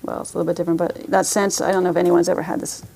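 A woman's voice: on the low side, little pitch movement, very fast, noisy background. A woman teaching a parenting class as a meditation teacher, talking conversationally with frequent restarts and light laughs.

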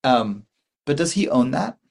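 A man's voice: mid-range voice, sing-song, measured pace, vocal fry. A man in his forties giving a dharma talk as a Buddhist meditation teacher, rambling and thoughtful, with many fillers and restarts.

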